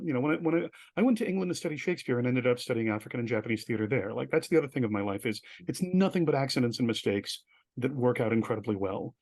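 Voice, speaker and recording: A middle-aged man tells his stories at a quick clip, recorded close on a dry mic with no room sound. He stays self-deprecating and acts out other people's lines with sudden bursts of energy. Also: mid-range voice, a little mellow, dry recording. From United States. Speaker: guest, professor and theater artist. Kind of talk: conversational storytelling in an interview.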